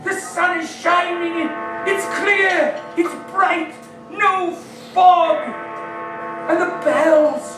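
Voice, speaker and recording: An actor playing the old miser Scrooge, now reformed, gushing and laughing in a live staged radio play. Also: male voice, very high voice, fairly even intonation, very slow, heavily acted. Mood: elated. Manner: breathless, gushing, laughing between phrases. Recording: echoey room, heard from far off with music.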